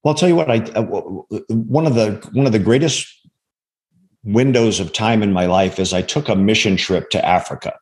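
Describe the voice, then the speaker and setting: A man in his sixties, a former undercover agent as interview guest, telling a personal story in a halting, earnest way with many restarts. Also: on the low side, darkish tone. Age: 60s.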